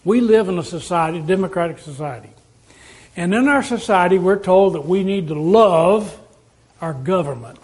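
High-voiced preacher asking rhetorical questions. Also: male voice, animated, moderate pace, a little mellow. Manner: conversational, asks the congregation rhetorical questions. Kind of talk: sermon.

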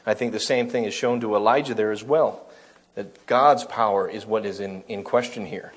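Guy preaching, kinda husky voice, reads bible verses then talks them through. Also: fairly low pitch, fairly even intonation, normal speed. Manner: reads scripture aloud, then explains it, with small self-corrections. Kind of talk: sermon with scripture reading.

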